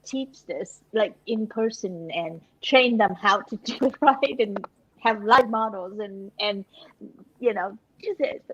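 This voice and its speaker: A woman co-hosting a frank casual chat, laughing often and talking in animated bursts with repeated words. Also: medium pitch, slow, slightly rough, dull audio. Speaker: co-host.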